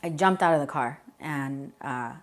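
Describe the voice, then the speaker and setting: A young adult woman as an interview guest, telling a painful personal story in a candid, halting way with many fillers. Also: extremely low pitch. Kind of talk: emotional personal account.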